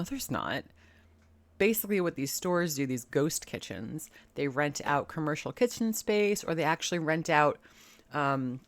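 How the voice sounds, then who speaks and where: A woman with a low voice talks over a clip, mocking and sarcastic in a casual commentary style. Her voice has a gravelly, creaky edge. The recording is dry and close, with no room sound. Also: dry recording. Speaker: commentary YouTuber reacting to a clip.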